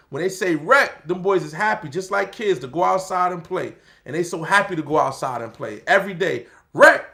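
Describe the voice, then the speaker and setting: Middle-aged man, high gravelly voice, loose and animated street talk. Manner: street slang, animated, acts out quoted voices. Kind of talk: casual storytelling talk.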